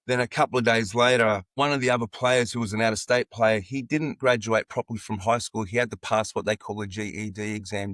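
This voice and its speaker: An Australian man in his sixties tells stories in a relaxed, conversational way. He acts out other people's lines as he goes. His mid-pitched voice is recorded dry and close. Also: no echo. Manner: animated anecdotes, acting out quoted dialogue. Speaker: football coach, podcast guest. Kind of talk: casual storytelling in an interview.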